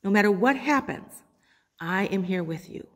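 A woman's voice: mid-range voice, lively intonation. Woman preaching a sermon in a reverberant church. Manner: preaching, quotes scripture with dramatic pauses. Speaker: pastor. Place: church sanctuary. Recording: long hall reverb.

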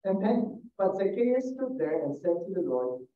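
A man, a priest, gives a lively, informal scripture reflection, voicing Jesus' words as he tells the story. His voice sits fairly high. The sound comes over a narrow, phone-like video call, distant and echoey. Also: unhurried. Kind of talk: informal sermon.

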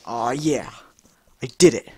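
A young man commenting on a frustrating video game he is playing, exasperated, swearing and yelling at it. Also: medium pitch, a little slow, breathy edge, no room sound, studio quality. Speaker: gamer. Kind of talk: frustrated let's-play commentary.

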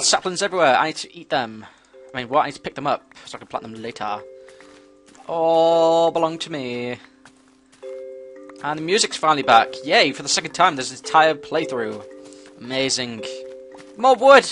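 Man, casual gameplay commentary, bright forceful voice, sudden yelps, faint game music behind. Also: mid-range voice. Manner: excitable, talks to himself, sudden yelps.

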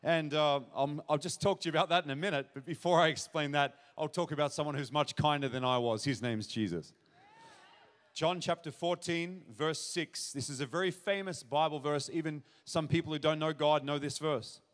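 High-voiced man preaching in a hall. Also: normal speed, fairly bright tone. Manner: earnest, direct address to audience, builds to emphatic questions. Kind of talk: sermon. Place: church auditorium. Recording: reverberant church hall.

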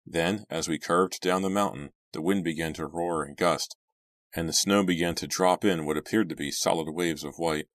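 A man narrating a horror novel as an audiobook, friendly and measured. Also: low-pitched, no room sound. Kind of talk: reading a horror novel aloud.

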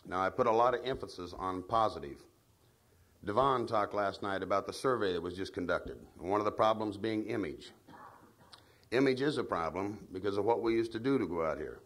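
A man giving a folksy training speech at a meeting, telling anecdotes and drawing the audience in with tag questions. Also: lowish voice. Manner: tells anecdotes. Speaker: trainer of field staff.

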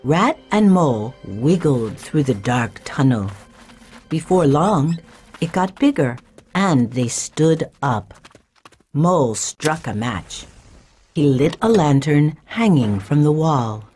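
A woman reading a children's storybook aloud in a slow, clear way for learners. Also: deep voice, sing-song, darkish tone, faint music behind. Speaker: narrator. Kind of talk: scripted storybook narration.

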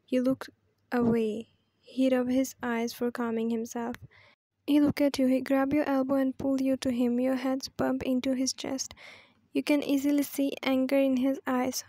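Woman reading a fanfic aloud, high voice, mellow tone, dry close mic. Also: flat delivery, moderate pace, no echo. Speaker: story reader. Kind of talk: reading a fan story aloud.

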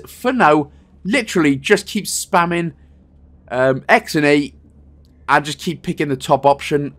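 A man's voice: on the high side, fairly bright tone. A man hosting a game walkthrough, talking playfully and joking with made-up wordplay. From Wales. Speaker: gaming guide host.

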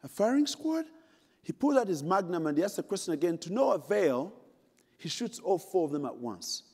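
A middle-aged Ugandan man gives a conference keynote, telling a dramatic, humorous story and addressing the audience directly. His fairly high voice is expressive, a little fast, and slightly mellow with a breathy edge. The large conference hall adds long reverb.

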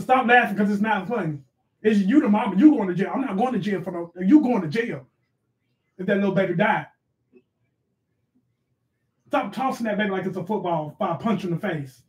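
Man doing a loud sassy scolding mom. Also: high-pitched, recorded from a distance, close to an everyday voice. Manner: shouty scolding, slangy, fast rants. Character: loud bossy middle-aged mother, sassy and scolding. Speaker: comedy sketch character. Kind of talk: improvised comedy sketch, live-stream parody.

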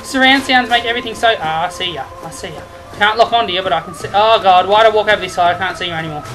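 A woman doing let's play commentary, excitable and trash-talking the enemies she fights. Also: mid-range voice, racing, poor audio. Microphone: headphones and desk mic. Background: game music.

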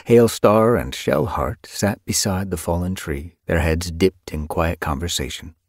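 This is scripted narration from an audiobook narrator, a deep-voiced, expressive male storyteller taking an unhurried pace. The studio-quality recording is dry.

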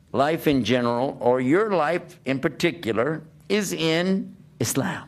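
A man giving a religious talk to an audience, lively and questioning, often acting out the voices of the people he quotes. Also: mid-range voice. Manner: animated, plays out quoted voices and asks rhetorical questions. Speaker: Islamic preacher.

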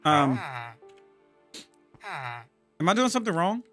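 A man's voice: high-pitched, expressive, takes it slowly, sharp tone, faint music behind. A man giving casual, profane, exasperated commentary while playing a game and talking to himself. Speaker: gaming channel host.

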